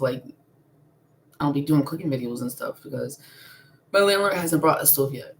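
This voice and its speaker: A low-voiced woman talking in on a casual live stream. She is blunt and swears freely, and she breaks into laughter often. A faint hiss sits under the recording. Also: fairly bright tone. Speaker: spiritual vlogger.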